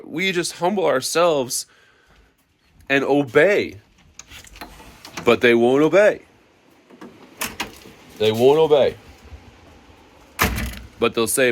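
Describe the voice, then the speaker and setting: A man's voice: fairly high pitch, a little hiss or hum. A man giving an impassioned spoken testimony as a religious teacher, preaching emphatically and repeating phrases for stress.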